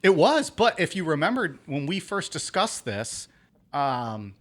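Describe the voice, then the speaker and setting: A man's voice: fairly high pitch, very animated, measured pace, a bit bright. A man co-hosting a podcast in casual chat, joking, swearing and laughing often. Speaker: podcast co-host.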